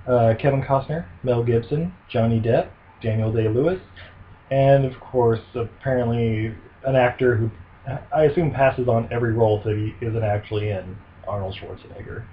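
A man's voice: mid-range voice, moderate pace. A man co-hosting a casual movie podcast, joking around and slipping into goofy impressions. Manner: jokey, does goofy impressions. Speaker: podcast co-host. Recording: muffled lo-fi audio with faint hiss.

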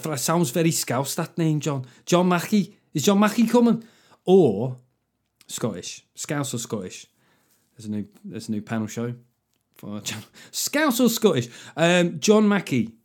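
A man talking alone into the mic as the host of his comedy podcast. He rambles in a loose, sardonic way, breaking into puns and quick mock voices. His voice sits at an ordinary male pitch. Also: a little mellow. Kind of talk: solo comedic podcast monologue.

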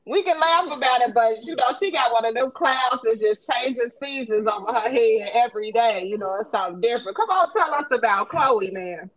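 A woman's voice: on the high side, animated, brisk, few pauses. A woman hosting a casual podcast, who introduces the crew and keeps the talk easygoing and jokey. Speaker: podcast host.

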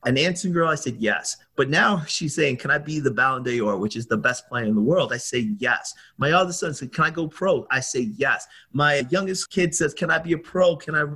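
A husky-voiced middle-aged man spins a lively story. He jumps into other people's voices and laughs along as he goes. His pitch sits in the middle. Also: moderate pace, hardly any pauses. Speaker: guest telling a story. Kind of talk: animated storytelling.

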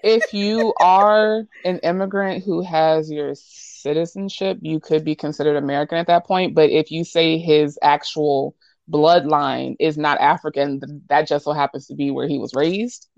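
Low-voiced woman on a dull lo-fi line. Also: fairly even intonation, normal speed, darkish tone, no echo. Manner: explaining, matter-of-fact. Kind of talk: casual chat.

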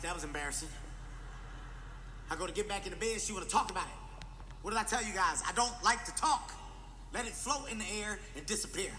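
A man doing animated, profane stand-up comedy storytelling and acting out the voices in his stories. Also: high voice, a little hiss or hum.

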